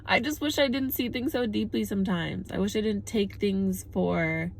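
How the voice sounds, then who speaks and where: Casual female vlogger in her twenties, mid-pitched, candid and emphatic, peppered with swearing and "like," faint noise under the recording. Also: fairly bright tone. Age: 20s. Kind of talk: casual girl-talk monologue to camera.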